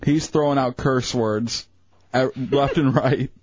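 Easygoing co-host man, mid-pitched voice. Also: fairly even intonation, takes it slowly, dry recording. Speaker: radio co-host. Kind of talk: casual radio banter. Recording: dry, slightly dull studio mic.

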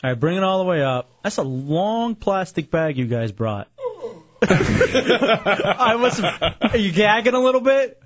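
A man's voice: sits high, big pitch swings, measured pace. A man hosting a talk radio show, teasing his guests in joking banter and laughing often. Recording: dull lo-fi radio broadcast.

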